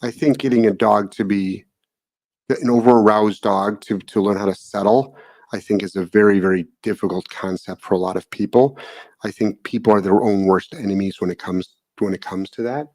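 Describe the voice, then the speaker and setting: A man hosting a live dog-training Q&A, answering in a calm, monotone, blunt way and swearing freely. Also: on the low side, normal speed, no room sound. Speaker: dog trainer and show host. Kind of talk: casual live Q&A.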